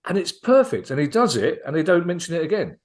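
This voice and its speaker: Speaking fast and very animated, this fairly high-pitched man is a guest comedian spinning a long, excited story on a podcast. He keeps starting his sentences over as he goes, in a relaxed storytelling chat.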